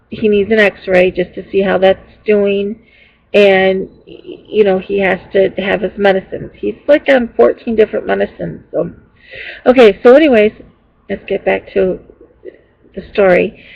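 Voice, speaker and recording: A woman's voice: mid-range voice, vocal fry. A woman vlogger telling her viewers a story in a rambling, casual way with many fillers and restarts, sounding exasperated. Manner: exasperated retelling. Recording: dull lo-fi home recording.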